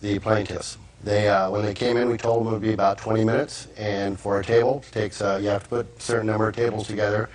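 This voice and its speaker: A man, a restaurant manager, testifying as a witness in court, hesitant and filling pauses with "uh". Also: fairly low pitch, little pitch movement. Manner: hesitant, many fillers. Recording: echoey courtroom.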